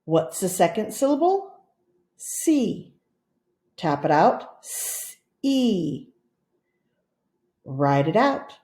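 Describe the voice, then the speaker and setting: Slow, patient woman teacher, roomy echo. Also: lowish voice, big pitch swings, warm tone. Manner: patient, deliberate, repeats instructions. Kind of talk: slow step-by-step spelling lesson.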